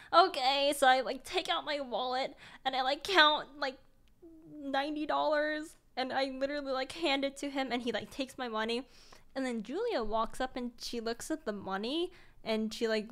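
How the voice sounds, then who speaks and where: Animated young woman telling a story. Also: moderate pace. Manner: animated, acts out quotes in higher voice, laughs often. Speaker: streamer. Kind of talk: casual storytelling.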